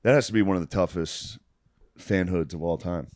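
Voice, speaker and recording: A man hosting a podcast in casual chat, laid-back and quick to laugh. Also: low-pitched, a little mellow, dry recording, studio quality. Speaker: podcast host.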